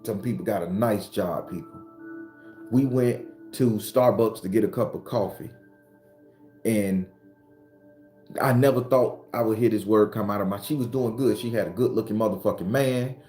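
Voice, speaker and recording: A man's voice: on the low side, normal speed. A man who hosts his own spiritual channel, giving a blunt, profane, impassioned motivational monologue. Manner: blunt, profane, preachy, rising to shouts when retelling arguments. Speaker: spiritual advisor and channel host. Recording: roomy recording with faint background music.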